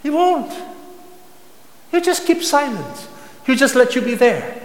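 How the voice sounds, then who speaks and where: A man preaching a sermon with passion, sometimes rising to loud cries. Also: very high voice, sing-song, unhurried, pauses often. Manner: impassioned, rising to shouts when voicing psalm cries. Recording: echoey hall with long reverb.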